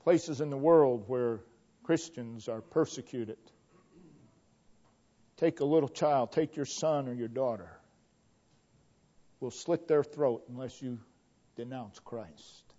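A man preaching at an unhurried, deliberate pace in a fairly high voice. He drives home a repeated refrain, rising to loud declarations and dropping to near-hushed lines. The recording sounds muffled and lo-fi. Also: animated. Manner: slow, emphatic, repeats a refrain, swings between loud declarations and hushed tones. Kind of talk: sermon. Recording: dull lo-fi recording.

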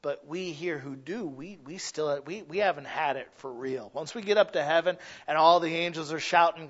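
A man preaching a sermon as pastor, shifting from quiet, near-whispered passages to loud, exclaiming ones. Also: on the high side, normal speed, hardly any pauses, muffled recording. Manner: swings from hushed and intimate to loud and exclaiming.

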